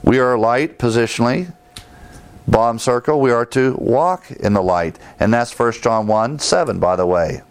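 A man's voice: mid-range voice, animated, normal speed, clear, resonant tone. A man teaching a sermon, emphatic, repeating key phrases and citing scripture verses. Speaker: preacher.

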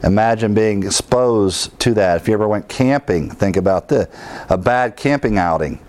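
A man's voice: on the low side, normal speed, a little mellow. A middle-aged man pastor preaching a sermon in a conversational teaching style, chuckling now and then and restarting his sentences.

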